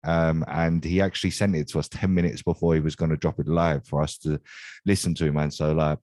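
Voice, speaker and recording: A man's voice: very deep voice, little pitch movement, brisk, a little mellow, no echo, clean studio sound. A man, co-hosting a casual podcast chat, swearing freely and stumbling over repeated words. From southern England. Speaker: co-host.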